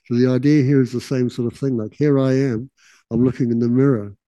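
A man giving a relaxed, casual teaching talk, with laughing asides and quotes that he acts out. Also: mid-range voice, a little fast, dry recording, poor audio.

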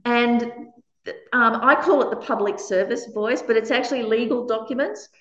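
A woman leading a workshop for a small group, lively and laughing often as she acts out quoted lines. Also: on the high side, moderate pace. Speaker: workshop leader. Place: meditation centre room. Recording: echoey room, dull lo-fi sound.

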